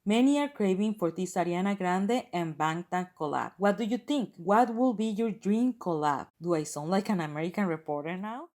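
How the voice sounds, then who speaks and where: A woman narrating a countdown video as a channel host, reading out chart facts and lists in a steady, scripted way. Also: mid-range voice, normal speed, few pauses.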